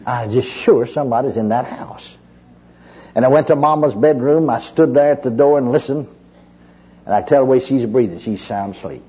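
A man's voice: mid-range voice, normal speed, mellow, husky, muffled recording. A male preacher giving a sermon as a personal testimony. He tells it in a folksy storytelling way, with constant "you know"s and restarts.

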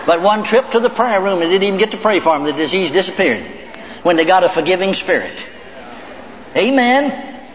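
Folksy old preacher in an echoey hall. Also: male voice, high-pitched, fast talker, background noise. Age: older. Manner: folksy, repeats words, laughs. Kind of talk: sermon storytelling. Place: church hall. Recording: echoey hall, dull lo-fi tape.

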